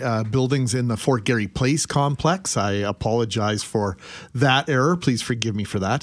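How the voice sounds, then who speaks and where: A man co-hosting morning radio, joking and laughing with colleagues, then reading a news item. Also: mid-range voice. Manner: jokey, laughs often, apologetic when reading news. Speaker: radio host.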